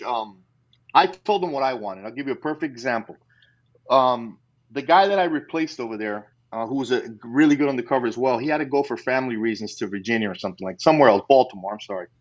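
A middle-aged man, a former undercover customs agent, telling stories in a casual interview with frequent "you know" asides and laughs. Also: medium pitch. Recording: slightly dull lo-fi audio.

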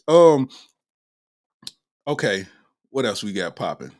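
A man's voice: lowish voice, very animated, takes it slowly, a little mellow, no room sound, studio quality. A man hosting a comedy podcast, talking in loose slang with frequent laughter and an irreverent tone. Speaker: podcast host. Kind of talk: casual comedic commentary.

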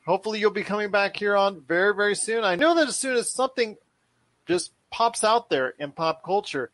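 A man hosting a pop culture podcast in energetic, rambling casual chat. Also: sits high, brisk, dry recording. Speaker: podcast host.

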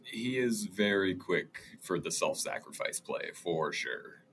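A man's voice: low voice, expressive, slow pace, fairly bright tone, a little hiss or hum. A man co-hosting a casual chat, chiming in with dry jokes. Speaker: podcast co-host.

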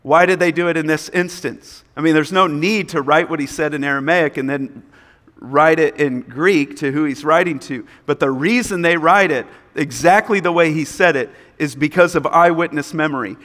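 A man's voice: a little high, normal speed, a bit bright. Earnest male pastor in echoing hall. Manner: earnest, emphatic preaching with repeated points. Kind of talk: sermon. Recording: long hall reverb.

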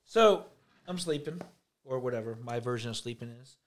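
A man's voice: mid-range voice, lively intonation, normal speed. A man co-hosting a podcast, telling a dream story in casual, profane chat. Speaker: podcast co-host.

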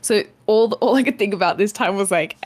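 A young woman with a mid-pitched voice tells stories in a chatty way on a podcast, acting out her own reactions and often laughing. The sound is close and dry, with no room echo. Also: brisk, a little mellow. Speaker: podcast co-host. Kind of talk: casual chat.

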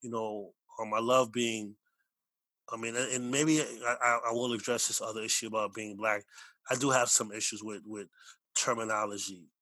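A man's voice: on the low side, fairly even intonation, normal speed, sharp tone, no echo, poor audio. A man from the United States talking in a casual conversation, rambling, restarting, then repeating his points with emphasis.

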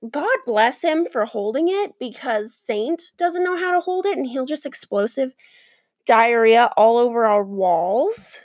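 A young adult woman hosting a podcast, chatting and ranting in a lively, animated way. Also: fairly high pitch, no room sound. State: out of breath. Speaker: podcast host. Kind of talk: casual chat.

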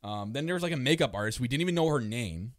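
A man's voice: mid-range voice, fast, no room sound, clean studio sound. A man co-hosting a podcast, chatting casually about wrestling, laughing a lot and acting out quotes. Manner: laughs often, animated, acts out quotes. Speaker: podcast co-host. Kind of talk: casual wrestling recap chat.

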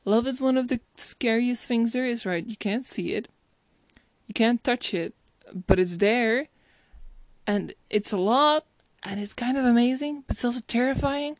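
Here a woman with a highish, slightly mellow voice and no echo gives relaxed spoken commentary on a romance film. As a reviewer, she muses aloud, frequently breaking into laughter and restarting what she was saying.

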